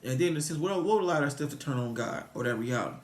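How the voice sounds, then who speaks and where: Fast-talking rambling man, echoey room. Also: medium pitch, animated, slight background noise. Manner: meandering, repetitive, frequent restarts, rhetorical questions. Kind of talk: rambling religious musing to viewers.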